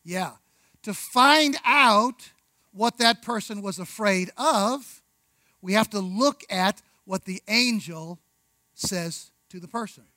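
A man preaching a sermon, conversational, with rhetorical questions, asides and slow, deliberate emphasis on key words. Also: sits high, bright, forceful tone, no room sound, rough recording. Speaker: pastor.

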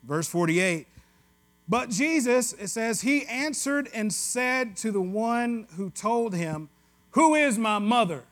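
High-voiced Southern preacher, West Tennessee. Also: male voice, expressive, slow pace, a bit bright. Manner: conversational and joking, with asides to the congregation. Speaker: pastor. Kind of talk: sermon.

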